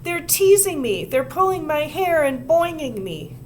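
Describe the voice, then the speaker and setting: A prim little girl whines her complaints in a raised, plaintive voice, close to tears, as a woman reading aloud puts her on. Her lines come slow and pleading, a storybook child who wants her teacher's help. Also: high-pitched, sing-song, darkish tone, slight background noise, voice pushed up. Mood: whiny upset. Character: prim, whiny little girl being teased.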